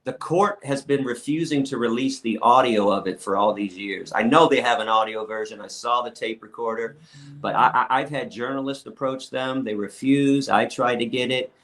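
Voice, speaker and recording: Male podcast guest, mid-range pitch, blunt storyteller who stammers and restarts. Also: moderate pace, fairly bright tone, low-quality recording. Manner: blunt and outspoken. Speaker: interview guest, activist.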